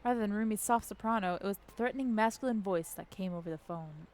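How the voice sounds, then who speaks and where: A woman's voice: medium pitch, fast talker, darkish tone. Joking woman streamer reading a game aloud. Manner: joking, reacts and swears between narration lines. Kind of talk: live game playthrough read aloud.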